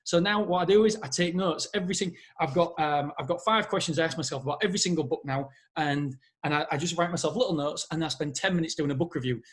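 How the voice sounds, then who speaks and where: A man's voice: fairly high pitch, fast talker, few pauses. A man hosting a podcast, talking with enthusiasm and urging listeners to take action. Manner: enthusiastic, motivational. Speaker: podcast host. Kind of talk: casual interview chat.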